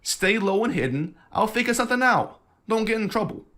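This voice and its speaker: A man's voice: sits high, lively intonation, fairly quick, fairly bright tone, pitched above the performer's own voice. A man voicing a brash young male cook in an exaggerated Brooklyn accent, within a video essay. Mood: breezy. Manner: breezy, exaggerated impression.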